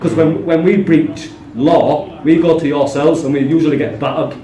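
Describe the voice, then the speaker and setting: A man's voice: a little high, moderate pace, mellow, far from the mic. A man filming a confrontation with police at a station counter, talking passionately and insistently and calling everyone mate. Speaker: citizen journalist filming police. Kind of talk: heated confrontation on camera. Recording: echoey lobby, off-mic, busy background.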